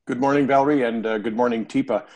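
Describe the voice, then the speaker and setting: A middle-aged man from Canada, a dementia care trainer chatting as a guest on a podcast in a relaxed, drawling way with many pauses. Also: mid-range voice. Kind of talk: casual podcast chat.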